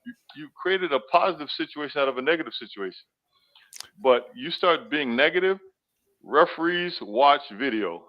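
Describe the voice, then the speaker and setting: A man talking as a guest in a casual basketball chat, giving measured, deliberate advice. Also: on the high side, lively intonation. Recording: dull lo-fi audio.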